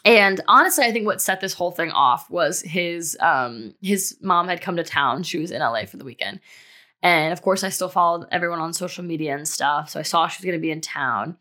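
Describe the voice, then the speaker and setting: A woman's voice: lowish voice, animated, a little fast, sharp tone. A young woman in her twenties talking candidly as a podcast host about a breakup, in a casual monologue full of fillers and the odd swear word. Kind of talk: personal monologue.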